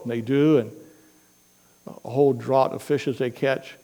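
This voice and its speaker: A man preaching a sermon, retelling scripture stories with lively quoted dialogue and homely asides. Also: mid-range voice, normal speed, long reverb tail, rough recording. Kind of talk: sermon storytelling.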